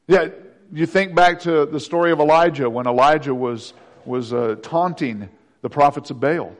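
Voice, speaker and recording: A man preaching a sermon as pastor, swinging between loud declarations and hushed, intimate passages. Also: on the high side, normal speed, long reverb tail.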